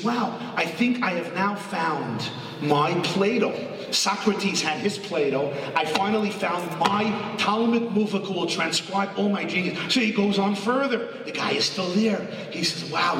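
A man, a rabbi, giving a sermon full of jokes and stories, rising to loud emphatic peaks. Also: sits high, breathy edge. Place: synagogue hall. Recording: echoey hall recording.

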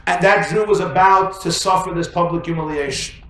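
A man giving a storytelling sermon to an audience, animated and joking as he acts out the tales. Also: high-pitched, moderate pace, reverberant. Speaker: preacher.

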